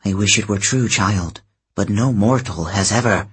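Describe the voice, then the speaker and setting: A man reading the part of a proud, imperious goddess in stately, measured tones with a husky voice. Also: fairly low pitch, fairly bright tone. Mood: grave.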